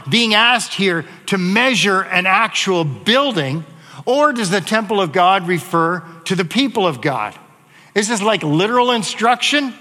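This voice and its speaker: A man's voice: high-pitched, bright, forceful tone, big-room sound. A man preaching a sermon as pastor, reading scripture aloud and then explaining it in a conversational teaching manner. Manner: conversational teaching with fillers and asides.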